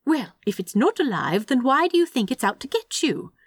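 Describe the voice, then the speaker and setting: A woman reads aloud in a high, sing-song, breathy voice at a moderate pace, pitched above her natural voice and exaggerated, recorded clean in a studio with no room sound. She voices a fussy, doting male angel who tuts primly, stays unbothered and sounds affectionate.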